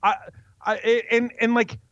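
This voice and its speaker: High, animated man, slightly muffled. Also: measured pace, no room sound. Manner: playful, enthusiastic teasing. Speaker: podcast co-host. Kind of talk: casual podcast banter.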